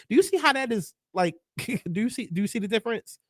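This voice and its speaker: A man's voice: extremely high pitch, lively intonation, fast, hardly any pauses, dry recording. Brief: male pop culture host, profane and sassy, dry close sound.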